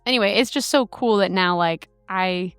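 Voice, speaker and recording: A woman's voice: medium pitch, moderate pace, a bit bright, smooth, dry recording, faint music behind. A woman co-hosting a faith podcast in casual chat, talking with many fillers. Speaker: podcast co-host.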